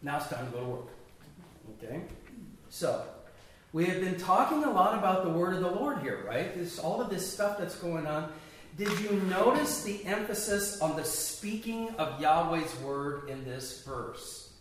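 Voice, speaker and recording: A man's voice: fairly high pitch, big pitch swings, a little slow, fairly bright tone, distant mic. Man teaching a Bible class, echoey. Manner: conversational, asks the group questions. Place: room with a small group. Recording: echoey room picked up from afar.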